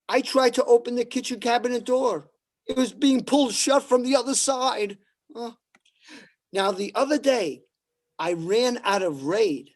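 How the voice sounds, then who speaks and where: A man doing stand-up one-liners at an open mic, with a deadpan delivery and pauses before each punchline. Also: sits high. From New York.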